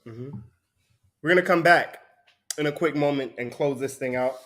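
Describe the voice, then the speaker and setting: A man's voice: a little high, moderate pace, a bit bright. A man preaching a conversational sermon, often breaking into laughter between points.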